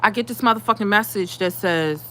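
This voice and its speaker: A woman ranting in a casual vlog, heated and profane, dropping to low mutters and rising to loud outbursts. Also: fairly quick, a little hiss or hum. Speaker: vlogger.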